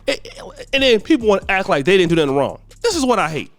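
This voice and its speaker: A man's voice: extremely high pitch, lively intonation, fast, dry recording. A man hosting a celebrity gossip show, giving blunt, scolding commentary full of slang. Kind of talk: ranting commentary.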